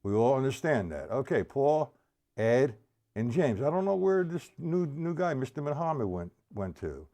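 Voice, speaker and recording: Warm in tone and medium in pitch, the older man's voice swings widely in pitch as he teaches a live-streamed drum lesson at a moderate pace. With a drum kit behind him, he counts beats out loud, explains every exercise, and talks to chat viewers by name.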